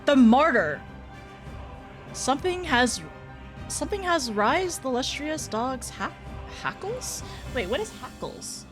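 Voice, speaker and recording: A young woman with a high, sing-song voice speaks slowly with long pauses, music playing in the background. Streaming a game, she chats casually with her viewers, flustered and laughing often.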